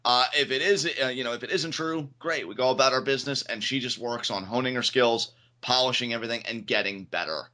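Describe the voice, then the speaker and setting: Animated bright-voiced podcast man. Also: fast, hardly any pauses. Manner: animated, acts out quotes in high voices. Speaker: podcast co-host. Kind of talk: casual chat.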